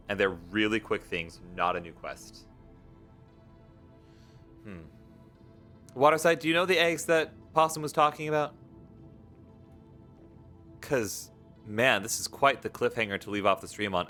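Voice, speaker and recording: A man's voice: sits low, bright, forceful tone. A young man streaming a game late at night, chatting casually, reading viewers' messages aloud and encouraging them. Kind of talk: casual live-stream chat while gaming.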